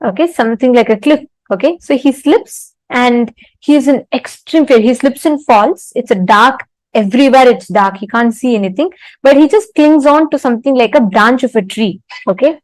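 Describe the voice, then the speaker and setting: A woman teaching an online spiritual session, speaking deliberately with fillers and asking the audience questions. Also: a little high, no echo, poor audio.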